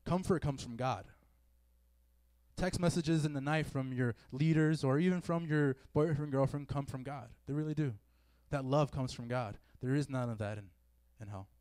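At a moderate pace, a youth preacher with a medium-pitched, slightly mellow voice addresses a live audience in a meeting room, recorded dry. He keeps his sermon casual and conversational, leaning on fillers and acting out the feelings he quotes.

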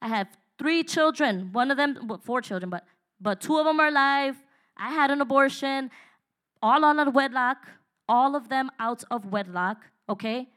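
A woman's voice: high voice, normal speed, fairly bright tone. A woman preaching a sermon in an emphatic, exhorting way, with laughs and asides to the congregation.

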